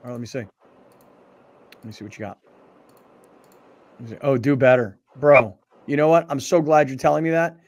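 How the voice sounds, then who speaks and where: A male radio and TV show host chatting casually in a studio and acting out stories with lively dialogue. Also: medium pitch, normal speed, pauses often, no room sound. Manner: animated storyteller, acts out dialogue. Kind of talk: casual sports talk show chat. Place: broadcast studio. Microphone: studio microphone.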